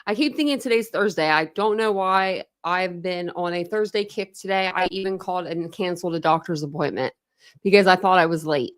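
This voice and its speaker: A woman's voice: fairly low pitch, a little fast. A woman hosting a true crime livestream, chatting casually and greeting viewers by name between frequent laughs.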